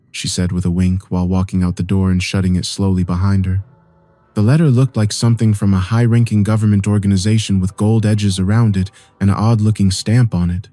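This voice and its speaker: A man narrating a first-person horror story in a calm, steady telling. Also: lowish voice, fairly quick, dry recording.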